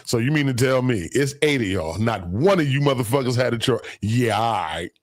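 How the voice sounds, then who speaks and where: A man hosts a casual livestream in a brisk, mid-range voice with lively intonation, swearing freely and laughing a lot. He reads viewer comments aloud, and the recording is dry.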